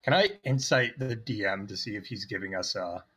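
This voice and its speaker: A cautious man at a tabletop game who hesitates and stammers through his ideas. His voice has a husky edge. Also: fairly low pitch, a little fast, sharp tone. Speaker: player. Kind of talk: casual tabletop game chat.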